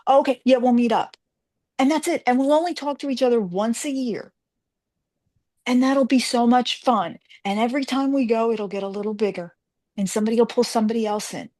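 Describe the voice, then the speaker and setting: Woman author guest, lively storyteller, does voices for people in her stories. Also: fairly high pitch. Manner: animated storyteller, acts out quoted voices. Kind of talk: casual interview chat.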